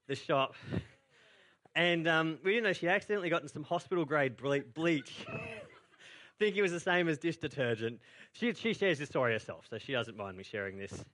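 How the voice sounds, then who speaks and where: A man's voice: fairly high pitch, fairly bright tone. A young man preaching a sermon in a church, telling a story in a casual, chatty way full of filler words. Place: church auditorium.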